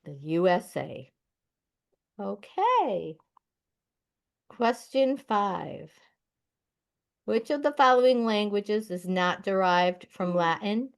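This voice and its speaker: A woman hosting a library trivia night, reading out questions and their answers in a deliberate way. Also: medium pitch, lively intonation, gravelly. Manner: slow, deliberate, announces each question number. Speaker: trivia quiz host. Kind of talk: reading quiz answers aloud.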